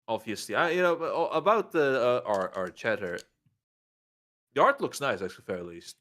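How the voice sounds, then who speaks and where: Brief: man with a very animated pitch, casual chatter full of restarts. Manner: rambling, halting, many restarts while retelling a story. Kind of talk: casual chat.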